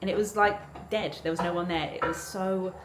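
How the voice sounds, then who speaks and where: A woman's voice: fairly low pitch, steady tone, moderate pace. A woman, chatting casually to camera for her vlog at home, bubbly and rambling. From London. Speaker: vlogger. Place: home kitchen. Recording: echoey kitchen with background noise. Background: cooking sounds.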